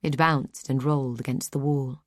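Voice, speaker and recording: Woman narrator for fantasy audiobook; low, measured, dry studio read. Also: fairly even intonation, no room sound. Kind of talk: scripted narration.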